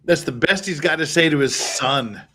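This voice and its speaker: A man's voice: on the high side, normal speed, sharp tone. A man hosting a show, dropping blunt, sarcastic, profane remarks over court footage in a casual tone. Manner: sarcastic, blunt, swears freely. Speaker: host commenting on court footage. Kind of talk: casual live commentary.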